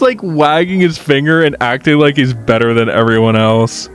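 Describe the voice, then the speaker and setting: A man's voice: medium pitch, moderate pace, soft background music. A man giving casual reaction commentary on a horror series, ranting in exasperation and swearing, with frequent restarts.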